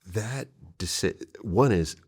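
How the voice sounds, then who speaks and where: Low husky male podcast host. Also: animated, slow, darkish tone.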